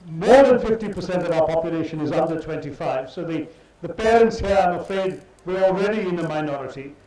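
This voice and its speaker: A man delivering a ceremonial speech to students, telling a story in a measured, oratorical way with dramatic pauses. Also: a little high, expressive, a crowd in the background. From India. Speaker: chief guest speaker. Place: large hall. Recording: echoey hall, from far off.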